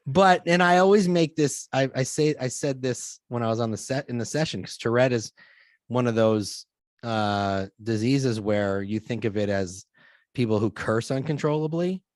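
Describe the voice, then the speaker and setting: A man's voice: medium pitch, moderate pace, no room sound. A middle-aged man talks casually as a podcast guest on his own show, telling stories with energy. He jumps into quoted voices as he goes. His voice sits close and dry, with no room around it. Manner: animated storytelling, acts out quoted voices. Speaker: podcast host being interviewed. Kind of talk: casual conversation.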